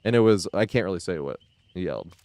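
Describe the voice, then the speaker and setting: A man streams and chats in a low voice that swings up and down a lot. He is excitable and profane, laughing often. The sound is dry and close. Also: quick pace, no echo. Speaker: game streamer. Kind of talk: casual live-stream chat.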